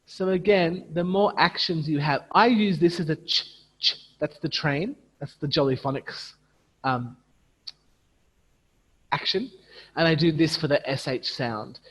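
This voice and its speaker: A man leads a phonics training, speaking slowly and carefully in a slightly raised voice, modeling sounds and chanted questions for young learners. A long reverb hangs on his voice, as if he is recording in a hall. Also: on the high side, a bit bright, slightly rough. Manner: slow, deliberate teacher voice, exaggerated phonics sounds and chanting prompts. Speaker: teacher trainer. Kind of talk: online teacher training with classroom demonstrations.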